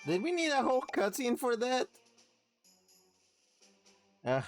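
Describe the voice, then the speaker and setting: A man's voice: very high voice, huge pitch swings, a little slow, no room sound, soft background music. A man streaming a video game, chatting casually, reading viewer messages aloud, laughing and humming along. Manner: laughs, hums, reads chat messages aloud. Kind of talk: casual livestream gaming commentary.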